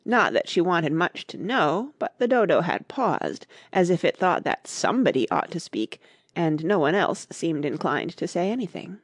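A woman narrating a classic storybook in a clear, measured reading. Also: fairly low pitch, sing-song, dry recording, studio quality. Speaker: audiobook narrator.

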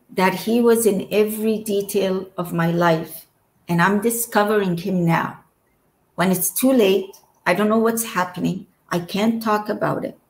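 A woman from Egypt in her forties, telling her personal near-death story as an interview guest, earnest and searching, with quick giggles and restarts. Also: medium pitch, echoey room, rough recording. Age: 40s. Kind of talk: emotional personal testimony.

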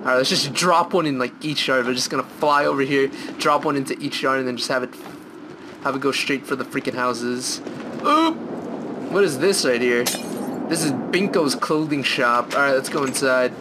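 A young man commentating on a video game from his room at home, excitable and rambling, now and then breaking into snatches of song. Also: mid-range voice, moderate pace, background noise. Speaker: gameplay commentator. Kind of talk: gameplay commentary.

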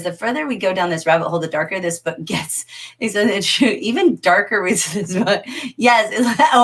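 A middle-aged woman teaching a livestreamed literature class, animated and often laughing as she answers the chat. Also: mid-range voice.

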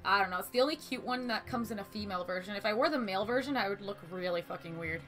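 A woman streaming a video game, chatting casually, swearing freely and breaking into sudden loud exclamations. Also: mid-range voice, rapid-fire, few pauses, faint music behind. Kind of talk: casual gaming commentary.

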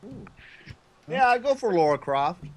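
A man's voice: high voice, very animated, unhurried, slight background noise. A young man on an online gaming chat, making crude jokes. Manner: crude joking. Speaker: co-host. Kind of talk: casual chat.

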